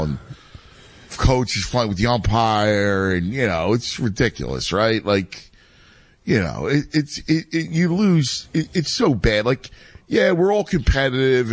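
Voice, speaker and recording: A man's voice: fairly low pitch, dry recording. Middle aged guy chatting about little league, rambly, dry close mic. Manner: rambling, many restarts, conversational. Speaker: youth baseball coach and father, co-host. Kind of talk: casual podcast chat.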